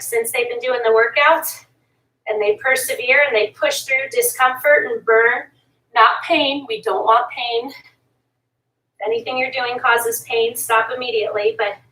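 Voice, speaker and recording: Woman fitness instructor, high voice, motivating workout coaching, echoey room, distant mic. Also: steady tone, unhurried, bright, forceful tone. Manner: motivating, pushes listeners to keep going. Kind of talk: workout coaching while exercising.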